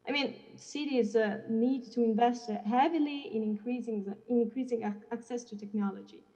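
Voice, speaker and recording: A woman's voice: on the high side, fairly even intonation, brisk, warm tone. A woman adding a comment in an academic panel discussion, hesitant with many fillers. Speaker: panel participant. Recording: dull, reverberant video-call audio.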